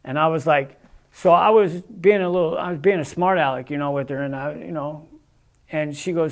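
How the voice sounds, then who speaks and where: A man's voice: on the high side, normal speed. A man giving an earnest casual testimony as a guest, with many "you know"s and restarts as he tells his story.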